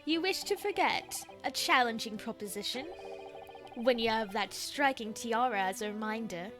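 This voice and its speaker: A woman's voice: a little high, animated, normal speed, over music, lightly acted. A woman voicing a grand, pompous male detective, reading game dialogue aloud with theatrical flair.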